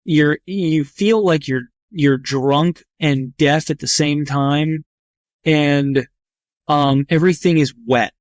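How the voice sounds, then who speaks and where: Profane, rambling man with a slightly high voice. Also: slow, dry recording. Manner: rambling, profane, heavy with "like" fillers; vivid, tense recounting. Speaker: trauma surgeon guest. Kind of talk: candid first-person storytelling.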